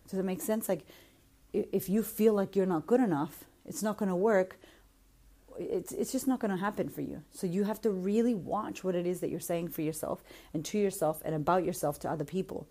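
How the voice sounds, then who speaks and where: A woman's voice: fairly low pitch, dark tone. A woman hosting a podcast, giving a blunt, casual motivational talk straight to the listener, swearing freely as she coaches. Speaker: podcast host and confidence coach.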